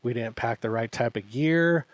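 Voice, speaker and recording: A man telling a story on his podcast, relaxed and chatty. He acts out each line of dialogue as he goes. His voice sits in a middle range, and the recording is close and dry. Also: medium pitch, moderate pace, no echo. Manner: animated anecdote-telling with acted-out quotes. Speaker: podcast co-host. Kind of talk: casual storytelling chat.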